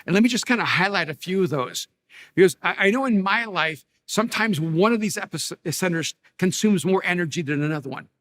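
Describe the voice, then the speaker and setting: A man's voice: high voice, animated, brisk, fairly bright tone. A middle-aged male pastor giving a conversational sermon, telling stories with humor and frequent restarts. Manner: storytelling with many restarts and self-deprecating humor.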